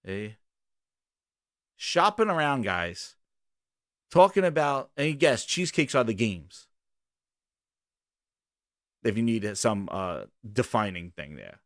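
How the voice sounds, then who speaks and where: A man hosting a gaming talk show, ranting loudly and profanely and acting out little scenes in his own voice. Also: fairly low pitch, big pitch swings, slow pace, pauses often, no room sound, clean studio sound. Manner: loud, ranting, profane, acts out bits. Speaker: host. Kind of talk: animated solo gaming commentary.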